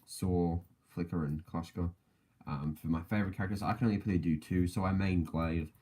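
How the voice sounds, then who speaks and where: Hosting a laid-back podcast livestream, a man speaks in a low, mellow voice with a steady tone and a fairly quick pace. His talk wanders, full of fillers and corrections, broken up by frequent laughter.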